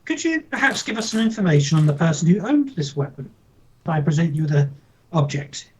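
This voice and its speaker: A man's voice: fairly high pitch, very animated, a little fast, a little mellow, a little hiss or hum. A man playing in a tabletop game, chatting casually and speaking politely but hesitantly with ums when in character. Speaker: player.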